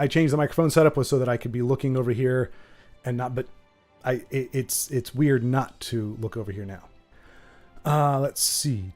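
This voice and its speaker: A man's voice: fairly high pitch, darkish tone. A man hosting a livestream, talking in a rambling, playful, self-correcting way to his chat. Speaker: streamer host.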